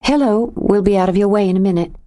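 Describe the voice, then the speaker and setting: A woman voicing a jumpy young woman with a tense, high voice in an audiobook reading. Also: fast, dark tone, lightly acted. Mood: polite, guarded.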